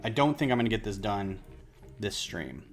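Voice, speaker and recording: A man's voice: on the low side, lively intonation, normal speed. A man chatting casually on a livestream while he builds, rambling and self-deprecating. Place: home office.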